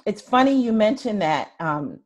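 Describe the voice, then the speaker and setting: An older woman hosting a podcast, chatting casually and telling stories with soft laughs. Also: mid-range voice, big pitch swings, moderate pace, muffled recording. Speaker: podcast host. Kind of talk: casual interview chat.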